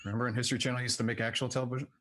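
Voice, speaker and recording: A man's voice: mid-range voice, flat delivery, racing, fairly bright tone. A man chatting casually as a player at a tabletop game, rambling with many fillers.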